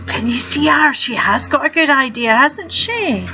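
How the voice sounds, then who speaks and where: Reading a rhyming picture book to children, this woman speaks slowly in a fairly high, bright, forceful voice, gasping and posing questions to the listener as she tells the story. Soft music plays in the background, and the audio quality is poor.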